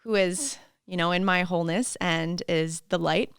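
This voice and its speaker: A woman guest and fitness coach chatting in an interview, a lively storyteller who laughs often and acts out what people said. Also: on the low side, moderate pace, creaky, clear, resonant tone, no room sound, clean studio sound. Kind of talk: casual interview chat.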